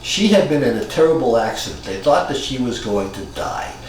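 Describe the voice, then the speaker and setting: A man's voice: medium pitch, big pitch swings. Older man telling a story in an echoey room. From Cambridge, Massachusetts. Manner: reflective, halting, with frequent restarts. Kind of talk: personal storytelling. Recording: very echoey room from far off, faint noise.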